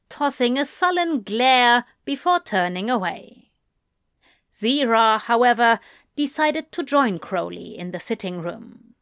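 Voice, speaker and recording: A woman reading a story aloud in a slow, deliberate way. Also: mid-range voice, fairly bright tone, dry recording, clean studio sound. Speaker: reader. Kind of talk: fan fiction reading.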